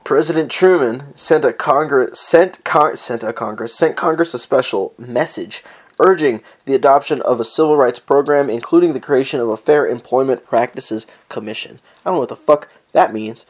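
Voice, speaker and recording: A man hosts a casual solo podcast from home, speaking at normal speed in a typical male pitch. He rambles loosely, swears freely, jokes along the way, and is easily sidetracked off topic.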